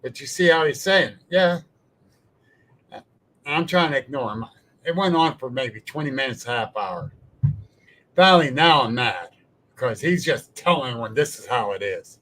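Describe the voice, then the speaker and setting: A man hosting a podcast, telling a story in a blunt, salty and animated way. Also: mid-range voice, moderate pace, long pauses, poor audio. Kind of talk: casual storytelling chat.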